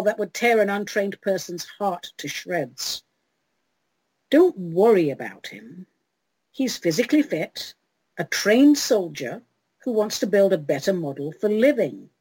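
A woman radio host with a husky, breathy voice that swoops through a wide pitch range. She reads and answers listener letters in a theatrical, playful way. The sound is close and dry. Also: a little mellow, no room sound, low-quality recording. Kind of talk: advice segment on an internet radio talk show.

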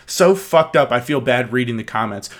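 A young man hosting a casual podcast, talking fast and profanely as he rants and mocks people. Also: mid-range voice, animated. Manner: profane, ranting, mocking. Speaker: podcast host.

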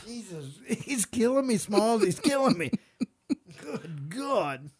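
A man's voice: sits high, sing-song, slow. A man co-hosting a casual podcast, swearing freely and breaking into fits of laughter. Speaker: podcast co-host. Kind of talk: casual chat.

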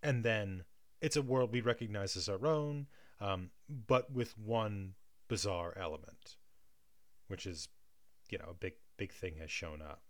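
Thoughtful low-voiced man explaining ideas. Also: measured pace, no echo, clean studio sound. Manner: thoughtful, many restarts and "right?" checks. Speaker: guest discussing film and theatre. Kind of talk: casual analytical chat.

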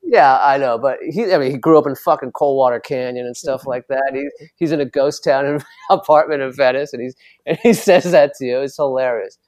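A man's voice: mid-range voice, a little fast, few pauses, a little mellow. A man co-hosting a podcast, telling rambling stories in casual chat, swearing freely. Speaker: podcast co-host.

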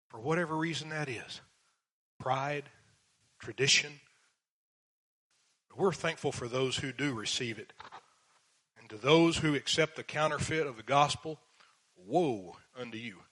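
A man of middle pitch gives an earnest verse-by-verse sermon in a church. He stresses key words with force and reads scripture in old King James English. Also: a little slow, pauses often, a bit bright. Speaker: preacher and Bible teacher.

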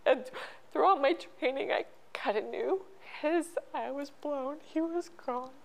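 A middle-aged woman telling a personal story as an interview guest, halting and emotional, with many restarts. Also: high voice, vocal fry, rough recording. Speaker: podcast guest.

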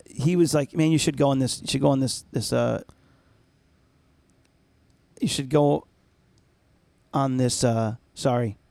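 A man around forty, chatting casually as a podcast co-host and telling a lively story. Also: mid-range voice, unhurried, creaky, pauses often, no room sound. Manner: animated storyteller, acts out voices and screams.

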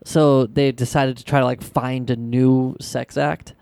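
A man hosting a podcast in relaxed casual chat, laughing easily and rambling with fillers. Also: medium pitch, unhurried, gravelly, clear, resonant tone, no echo, clean studio sound. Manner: laid-back, laughs, many "like" fillers. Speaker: podcast host.

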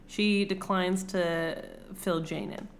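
A woman casually retelling a classic novel in an irreverent, animated way, swearing freely. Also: lowish voice, slow pace, slight background noise. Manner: irreverent, profane, animated storytelling. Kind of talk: casual comedic book retelling.

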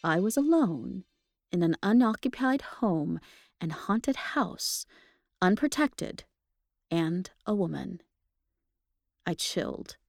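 A woman podcast host reading a ghost story aloud, expressive, with casual asides to listeners. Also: fairly low pitch, takes it slowly, vocal fry, long pauses, no room sound, studio quality. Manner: expressive, laughs at the text between passages.

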